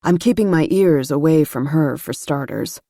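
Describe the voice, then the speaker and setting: A pushy young man in an audiobook, blunt and sure of himself, voiced by a woman narrator. The voice sits low and dark, in a dry, close recording. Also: moderate pace, no room sound. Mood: insistent.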